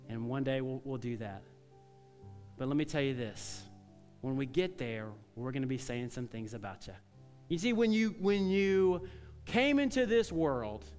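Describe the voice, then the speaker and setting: A male pastor preaching a sermon, telling stories in a conversational way and dropping to soft, earnest tones. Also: fairly high pitch, clear, resonant tone, long reverb tail. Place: church sanctuary.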